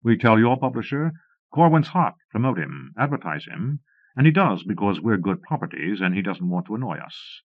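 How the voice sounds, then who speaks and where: A man reading aloud, voicing a plump, genial middle-aged man who gently talks down to others. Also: on the low side, very animated, moderate pace, no echo. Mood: persuasive. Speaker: pastor. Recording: muffled phone-like cassette audio, dry.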